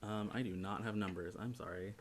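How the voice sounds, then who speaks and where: A man's voice: on the low side, fairly even intonation, brisk. A man answering briefly and hesitantly as a student in a music lesson. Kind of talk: masterclass student replies.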